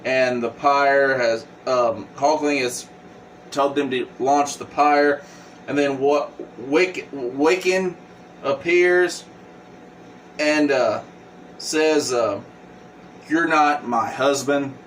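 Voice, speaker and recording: A man giving a casual plot recap in a halting way, with frequent fillers and restarts. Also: medium pitch, fairly even intonation. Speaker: comic book reviewer. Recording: distant mic with faint hum.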